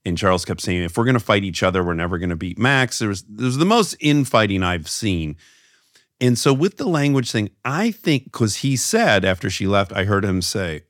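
Telling a story on his podcast, a middle-aged host chats casually and brings it to life by imitating the voices of the people in it. He speaks at a moderate pace in a fairly low voice, captured in a clean, dry studio recording.

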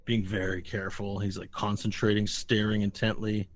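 A man's voice: fairly low pitch, flat delivery, normal speed. A man narrating a tabletop game as game master in a casual, rambling way.

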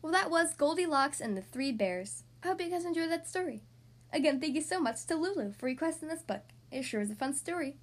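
A woman hosting a podcast, reading a storybook aloud to young children in an expressive, animated way. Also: sits high, brisk.

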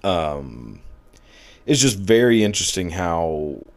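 A man's voice: low voice, big pitch swings, takes it slowly. A man giving casual, profane commentary, rambling with lots of filler words and crude jokes.

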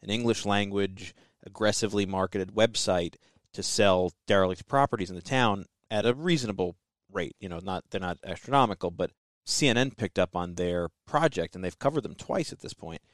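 A man's voice: low voice, fairly quick, no room sound, studio quality. A man hosting a podcast, talking in an easygoing, chatty way. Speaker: podcast host. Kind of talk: casual podcast chat.

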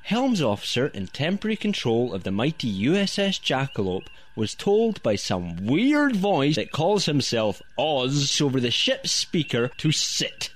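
A man's voice: mid-range voice, very animated, unhurried, hardly any pauses, a little hiss or hum. A man voicing a sarcastic male helmsman stuck in charge and grumbling about it.

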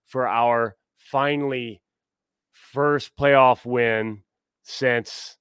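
A man guesting on a sports podcast, relaxed and chatty. His voice is smooth and clear, and the recording is dry with no room sound. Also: mid-range voice, drawn-out words, dry recording. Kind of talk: casual sports chat.

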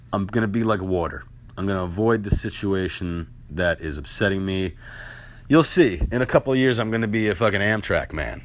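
A man's voice: lowish voice, fairly bright tone. Swearing, heated man ranting. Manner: heated, swearing, with rising rhetorical questions. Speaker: vlogger. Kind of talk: profane ranting monologue.

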